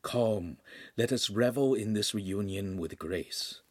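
A man voicing a quiet voice in someone's ear that whispers translations. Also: on the low side, slow, no echo. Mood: hushed.

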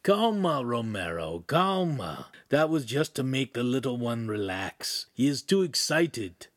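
A man reading an audiobook, voicing a rough male servant who speaks broken English with a slow, mocking drawl. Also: medium pitch, very animated, no room sound, clean studio sound.

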